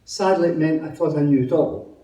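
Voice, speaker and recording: Scottish man, testimony speaker, humorous and chatty, mellow tone, recorded off-mic in a roomy hall. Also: a little high, fairly quick, far from the mic. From Scotland. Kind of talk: personal testimony at a meeting.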